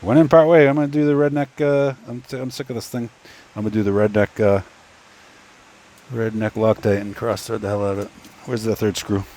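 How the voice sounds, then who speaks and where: A man's voice: on the low side, fairly even intonation, fairly quick, warm tone. A man casually telling a story while tinkering with a 3D printer, rambling and stop-start, talking to himself as he works. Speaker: 3D printing YouTuber. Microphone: phone.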